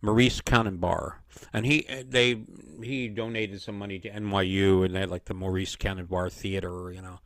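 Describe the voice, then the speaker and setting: An older man telling rambling, animated anecdotes to a friend over a video call, full of "you know". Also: deep voice, moderate pace, hardly any pauses, dry recording. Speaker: mentor. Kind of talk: casual storytelling chat.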